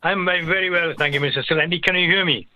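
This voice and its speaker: A man's voice: fairly high pitch, fast talker, pushed and bright, a little hiss or hum. A British man calling in to a talk show, speaking in an earnest, indignant way with some stammering. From United Kingdom. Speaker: caller. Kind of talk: call-in commentary. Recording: dry tinny phone line.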